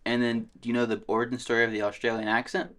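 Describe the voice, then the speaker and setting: A man's voice: mid-range voice, flat delivery, racing, fairly bright tone. A man co-hosting a podcast, telling stories in a laid-back casual chat and swearing a lot. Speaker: podcast co-host.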